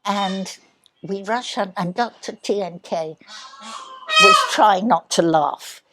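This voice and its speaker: An older woman telling childhood stories in an interview, speaking softly and sometimes dropping to a near whisper. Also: medium pitch, very noisy. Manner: soft, unhurried, drops to a near whisper. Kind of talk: reminiscing storytelling.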